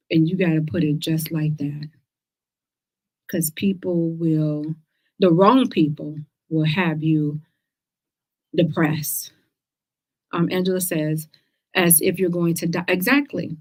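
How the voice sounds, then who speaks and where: A woman's voice: sits low, slow pace, long pauses. A woman from the United States hosting a cancer survivor talk show, speaking casually and directly to her viewers. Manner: lively, direct, speaks to listeners as girl and y'all.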